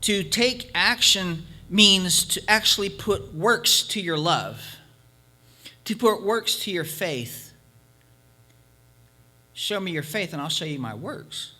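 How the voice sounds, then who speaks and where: A man's voice: sits high, expressive, slow pace, long pauses, bright, forceful tone. A male preacher giving an emphatic sermon, hammering points by repetition and telling a folk story. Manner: emphatic, repeating points for force.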